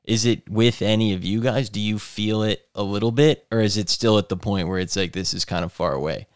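A man's voice: on the low side, brisk, smooth, no echo, studio quality. A man hosting a podcast, upbeat and steering the chat toward the next segment. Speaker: podcast host. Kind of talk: casual chat.

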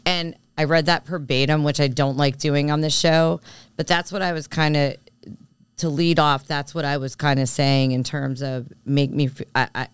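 Podcast co-host, woman, smooth and clean voice, dry close sound, candid and sure of herself. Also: low voice, normal speed, dry recording. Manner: candid, animated, self-assured, talks through her points with many asides. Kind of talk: casual chat.

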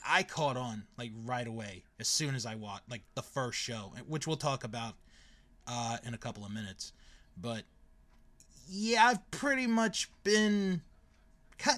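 A man in his thirties hosting a casual podcast chat, telling stories with lots of fillers. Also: on the high side. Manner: lively storyteller with frequent fillers and laughs. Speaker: podcast host.

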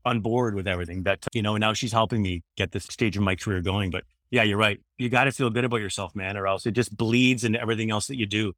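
A man's voice: on the low side, steady tone, fast talker, few pauses, fairly bright tone, dry recording, clean studio sound. A man in his thirties talking casually as a guest, earnest and rambling, often restarting his sentences. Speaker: guest, former radio host. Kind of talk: casual conversation.

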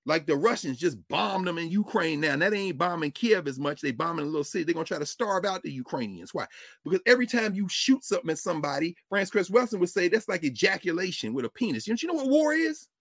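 A middle-aged man lecturing as a professor and show host, preacherly, with vernacular speech and big swings between loud and low. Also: very animated, quick pace, vocal fry, no room sound, clean studio sound. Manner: uses African American vernacular. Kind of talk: lively lecture to an audience.

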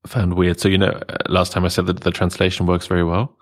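A man's voice: sits low, monotone, quick pace. A man discussing a novel in a casual chat, hesitant and full of restarts. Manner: hesitant, many restarts and fillers. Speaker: book club participant.

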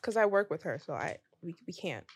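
A young woman co-hosting a podcast in casual chat, relaxed and teasing, with dry interjections. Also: fairly low pitch, a little fast, a little hiss or hum. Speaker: podcast co-host.

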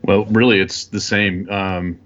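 A man talking as a guest in a relaxed, rambling way with many fillers. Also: deep voice, measured pace, dull audio. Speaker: guest photographer. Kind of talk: casual interview chat.

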